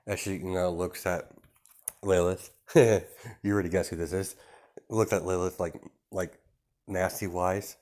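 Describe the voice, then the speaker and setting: Rambling lower-voiced man telling a story. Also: fairly even intonation, a little slow, pauses often, a little mellow. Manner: rambling, many fillers, chuckles often. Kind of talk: casual improvised storytelling.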